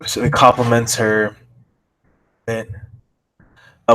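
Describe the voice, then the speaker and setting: A man's voice: fairly low pitch, level tone, a little slow, long pauses, fairly bright tone. A man reading chat logs aloud and commenting, thinking aloud and reacting with disbelief.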